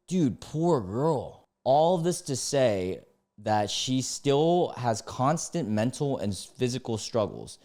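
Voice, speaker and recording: A man in his twenties reads online posts aloud and reacts to them with excitable rants. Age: 20s. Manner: excitable, ranting, sudden jumps in pitch. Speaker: YouTuber reading Reddit posts.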